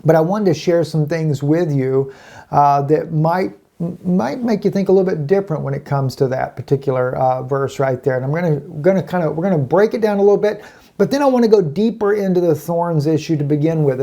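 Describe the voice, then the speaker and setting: Guy teaching bible stuff from home, dark mellow voice, lots of uhs and restarts. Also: a little high. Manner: rambling, many fillers and restarts. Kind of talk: casual online Bible teaching.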